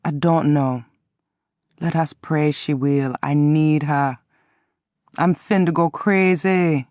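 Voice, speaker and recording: A woman's voice: sits low, fairly even intonation, takes it slowly, a little mellow, no room sound, studio quality. A woman voicing a grown man, a distraught husband who talks in pleading, emphatic bursts. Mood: shaken.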